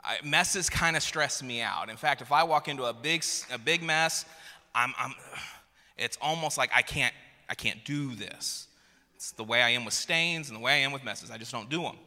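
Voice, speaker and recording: In a large hall with long reverb, a man in his thirties delivers a sermon as a pastor, recounting a humorous family story with many restarts and repeated words. His mid-range voice is pushed and bright, and he talks at normal speed.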